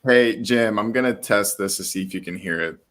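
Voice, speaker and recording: A man working as a radio producer, talking in a brisk, practical way. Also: lowish voice, fairly bright tone. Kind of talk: casual sports radio talk.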